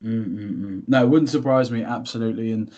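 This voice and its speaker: A man's voice: on the low side, brisk, mellow, highs cut off. A man hosting a podcast in casual chat, musing aloud, repeating himself and putting questions to his co-host.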